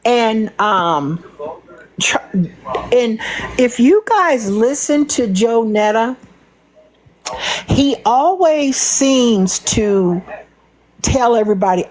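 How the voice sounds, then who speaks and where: A woman's voice: mid-range voice, slow pace, long pauses, a little mellow, low-quality recording. A woman doing casual live-stream commentary to her viewers, sassy and mocking, often breaking into laughter. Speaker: livestream commentator.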